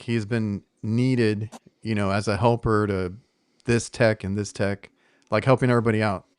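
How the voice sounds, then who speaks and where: A man's voice: lowish voice, clear, resonant tone. An American man co-hosting a casual podcast, a working HVAC technician who talks in a loose, rambling way with frequent restarts. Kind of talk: casual chat.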